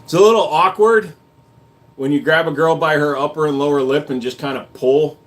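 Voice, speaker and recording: A man hosts a livestream, reading chat comments aloud and responding with crude jokes and casual talk about guns. His voice is fairly high and a little fast, and the banter stays crude throughout.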